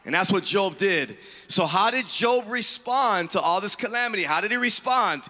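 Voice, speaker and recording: Pastor guy reading bible verses, high bright voice, super enthusiastic, church echo behind him. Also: animated, moderate pace. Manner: enthusiastic, repeats "I love that statement". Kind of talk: sermon with scripture reading. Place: church sanctuary. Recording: long reverb of a church hall.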